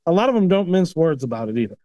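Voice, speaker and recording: A man, a chef and restaurant owner, telling stories casually in an animated way, often tagging "you know what I mean.". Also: on the high side, racing, no room sound. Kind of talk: casual storytelling.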